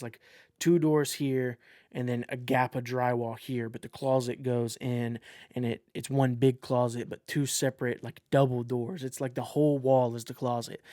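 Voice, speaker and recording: A man's voice: medium pitch, darkish tone, no echo, studio quality. A man in his twenties hosting a podcast from his desk at home, telling a personal story to the camera in an earnest, rambling, candid way. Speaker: podcast host. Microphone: facing a camera at his desk.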